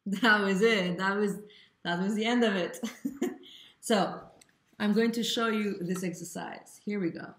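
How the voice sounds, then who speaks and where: A woman teaching an online rhythm lesson, chanting rhythm syllables and explaining in a relaxed, halting way. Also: mid-range voice. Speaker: vocal workshop teacher. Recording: echoey room with loud background noise.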